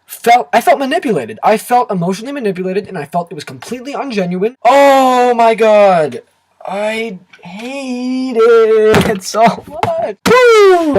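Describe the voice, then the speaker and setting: A man reviewing a film to camera in an excitable, animated rant full of exaggerated outbursts. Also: high-pitched, breathy edge, rough recording. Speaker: movie reviewer.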